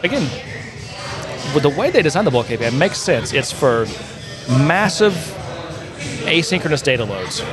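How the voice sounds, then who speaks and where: A man's voice: on the high side, very animated, moderate pace, long pauses, over music. A man co-hosting a casual technical chat, rambling and self-correcting as he explains integration work with enthusiasm. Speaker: podcast co-host, software integration developer.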